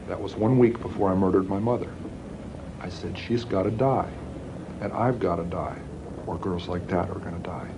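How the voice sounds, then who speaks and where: A man from the United States speaking slowly and haltingly in a recorded interview. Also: sits low, noisy background. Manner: slow, halting, measured.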